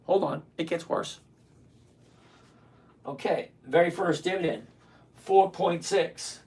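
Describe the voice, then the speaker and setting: A man's voice: high-pitched, slow, vocal fry, a little mellow, breathy edge. A man in his sixties hosting a casual live stream, blunt and ranting, greeting viewers by name. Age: 60s. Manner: blunt, ranting, self-mocking.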